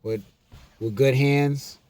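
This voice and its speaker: Man, vlogger, medium pitch, close dry sound, unhurried, emphatic, repetitive. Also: steady tone, darkish tone, dry recording. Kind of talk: casual monologue to camera.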